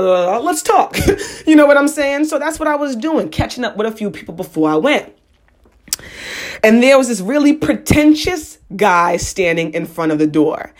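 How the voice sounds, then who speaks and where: A young woman telling a personal story in a casual, slangy monologue, animated and acting out what people said. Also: medium pitch. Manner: animated, slangy, acts out quotes.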